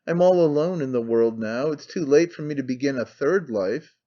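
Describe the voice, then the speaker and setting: A man's voice: mid-range voice, normal speed, warm tone, lo-fi sound, close to an everyday voice. A male audiobook reader voicing a troubled, half-mad woman who speaks anxiously and turns scornful. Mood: fearful. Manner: anxious, brooding, turning scornful.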